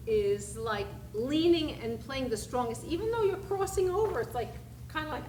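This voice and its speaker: A woman's voice: high voice, normal speed, slight background noise. A woman piano teacher giving a masterclass, coaching a student and singing along with the playing. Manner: animated, sings and counts along with the playing. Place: recital hall. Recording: echoey hall with loud piano.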